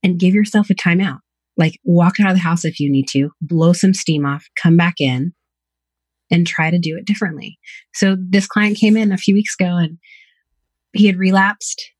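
A woman's voice: fairly low pitch, steady tone, normal speed, a little mellow, no room sound. A woman psychotherapist speaking candidly in a podcast interview, telling reflective stories about her own life and her clients. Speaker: psychotherapist guest.

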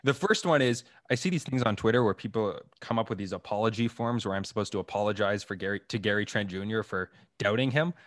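A young man, a sports reporter guest talking through his gripes in a measured, matter-of-fact way. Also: fairly low pitch, no room sound, studio quality. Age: young adult. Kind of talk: casual sports chat.

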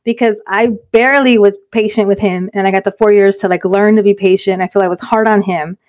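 A middle-aged woman co-hosting a podcast in casual chat, telling candid stories quickly and dropping in Spanish words. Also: mid-range voice, steady tone, darkish tone. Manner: fast, candid storytelling that mixes in Spanish words. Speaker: podcast co-host.

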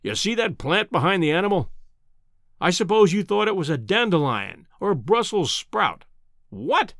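A man's voice: high-pitched, very animated, moderate pace, vocal fry, fairly bright tone, no room sound, studio quality, heavily acted. A man reading an audiobook, voicing a bombastic, scornful older male professor who lectures with an air of triumph. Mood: lecturing.

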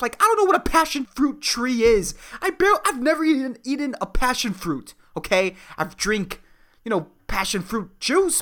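A man's voice: very high voice, lively intonation, moderate pace, pushed and bright. A man hosting a solo podcast, ranting in a profane, rambling way with lots of fillers. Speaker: podcast host. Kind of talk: solo comedic podcast rant.

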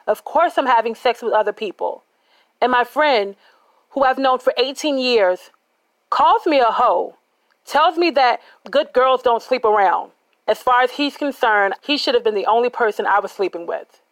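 A woman's voice: on the high side, lively intonation, moderate pace, dry recording, poor audio. A woman telling a personal true story in a candid, conversational and dramatic manner.

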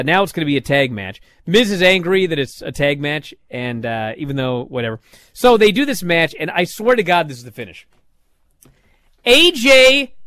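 Male show reviewer, high and animated, sarcastic, exasperated. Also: no room sound. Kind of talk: casual recap commentary.

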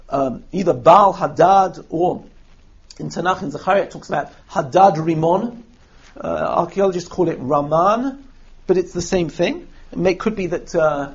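A high-pitched man leads a text study lesson, his voice husky and a little breathy. He reads verses aloud and acts out the characters' words with lively energy. The recording sounds dull and lo-fi. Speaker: Torah teacher.

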